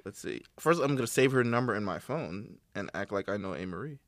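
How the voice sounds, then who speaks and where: A man's voice: on the low side, lively intonation, brisk, no echo. Young man, podcast co-host, casual profane banter, dry close sound. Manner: laid-back, profane, laughs often.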